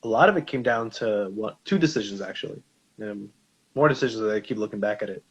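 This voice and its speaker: Husky-voiced man telling a story. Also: on the low side, fast. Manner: animated storyteller, acts out quoted dialogue. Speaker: podcast co-host. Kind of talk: casual discussion with personal storytelling. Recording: slightly dull, lo-fi sound.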